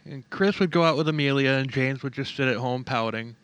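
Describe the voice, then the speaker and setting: A man's voice: medium pitch, fairly quick, fairly bright tone, clean tone, dry recording. A man co-hosting a true-crime podcast, telling the story casually with jokes and sarcastic asides and laughing often. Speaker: podcast co-host.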